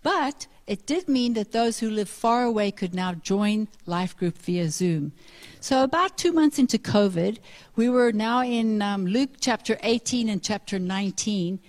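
A woman giving an earnest missionary testimony in church, pausing as she follows slides. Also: mid-range voice, lively intonation. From South Africa. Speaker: missionary speaker. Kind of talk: sermon testimony.

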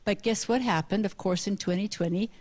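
A woman giving an earnest missionary testimony in church, pausing as she follows slides. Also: medium pitch, darkish tone. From South Africa. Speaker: missionary speaker. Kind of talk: sermon testimony.

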